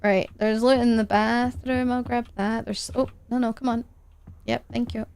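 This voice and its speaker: A woman's voice: fairly high pitch, little pitch movement, normal speed, a little mellow, clear, resonant tone. A woman streaming a game live, chatting to herself as she plays and laughing often.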